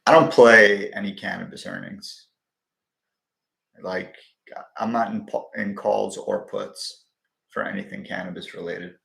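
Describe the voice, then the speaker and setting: A man's voice: lowish voice, fairly even intonation, measured pace, vocal fry, pauses often, fairly bright tone, echoey room. A man hosting a live stream, answering viewers' questions in a blunt, profane, wisecracking way. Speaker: livestream host answering viewer questions on stocks. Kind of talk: casual live-stream chat.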